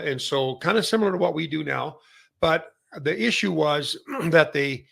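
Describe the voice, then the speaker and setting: A man's voice: fairly high pitch, vocal fry, a bit bright, slightly rough. A middle-aged man from Canada hosting a casual industry update, rambling with many fillers and restarts. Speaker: massage chair retailer and show host.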